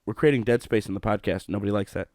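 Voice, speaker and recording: A young man hosting a podcast from home, telling stories in a profane, animated way with bursts of laughter. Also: on the low side, quick pace, dry recording, studio quality. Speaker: podcast host. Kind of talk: solo podcast monologue.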